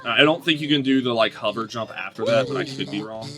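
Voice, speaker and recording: A young man giving excitable, swear-laden commentary while guiding a friend through a game. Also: mid-range voice, fast talker, over music. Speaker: co-host of a gaming channel. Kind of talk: casual gameplay commentary.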